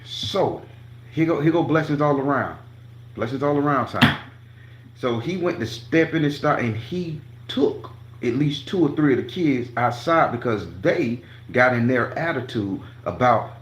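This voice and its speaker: A man's voice: mid-range voice, expressive, moderate pace. Cussing guy ranting a story, middle voice, echoey room. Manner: emphatic, profane, acts out every quote. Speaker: tarot reader and channel host. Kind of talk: profane storytelling rant.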